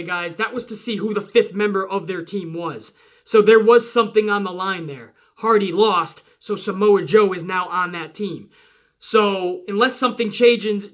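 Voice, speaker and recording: A man hosting his own channel, giving a casual, profane review, emphatic and jumping up in pitch when worked up. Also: fairly bright tone. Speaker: wrestling show reviewer, channel host.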